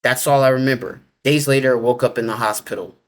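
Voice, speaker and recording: A man's voice: mid-range voice, steady tone, fast. Rambling man telling a personal story. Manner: loose, rambling talk full of "like" and restarts; nonstandard everyday grammar. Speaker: interviewee telling a near-death experience.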